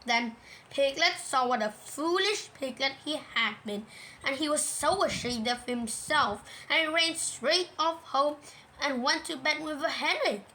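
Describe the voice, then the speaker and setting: A woman reading a children's storybook aloud in a gentle, measured way. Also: sits high, slight background noise, low-quality recording.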